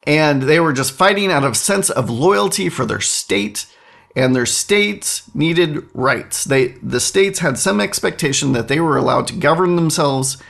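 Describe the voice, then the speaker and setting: A middle-aged man who hosts a podcast speaks his mind with indignant force, and his pitch swings widely. His talk is loose and unscripted, with words repeated as he hunts for the next phrase. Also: expressive, a little slow, creaky, fairly bright tone. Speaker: podcast host. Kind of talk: casual opinion monologue.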